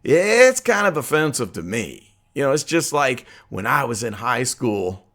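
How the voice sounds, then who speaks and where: A man hosting his own political commentary vlog, talking earnestly and conversationally with frequent uh and um pauses. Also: mid-range voice, very animated, a bit bright. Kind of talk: opinion vlog monologue.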